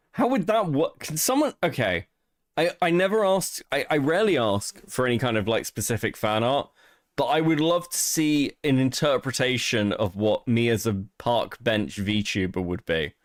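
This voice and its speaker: Male co-host, mid pitch, dry close mic, casual cursing commentary. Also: moderate pace, dry recording. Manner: profane, incredulous and laughing.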